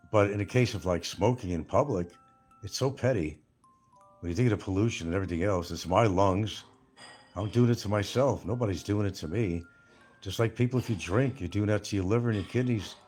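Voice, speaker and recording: A man's voice: on the low side, darkish tone, breathy edge. A man hosting a casual livestream and answering viewer comments in a blunt, profane, combative way. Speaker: livestream host.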